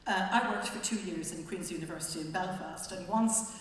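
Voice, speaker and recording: A woman's voice: fairly low pitch, fairly quick. Irish woman speaking in an echoey hall. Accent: Wexford Irish. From Wexford, Ireland. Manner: conversational and wry, with frequent hesitations. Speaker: panel speaker presenting a book. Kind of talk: public talk. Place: library event hall. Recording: very echoey hall, faint noise.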